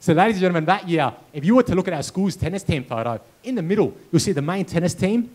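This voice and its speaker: Man, keynote speaker, animated storyteller, fairly high voice, acts out voices and sounds. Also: fast. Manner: animated storyteller acting out dialogue and sound effects. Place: conference hall with audience.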